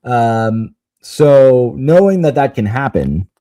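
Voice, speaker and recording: A man in his thirties tells family stories on a podcast, casual and self-deprecating, breaking into laughs. His voice is dark and mellow, sits at a middle pitch, and sounds close and dry. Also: lively intonation, slow, dry recording. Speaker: podcast co-host. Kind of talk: casual chat, storytelling.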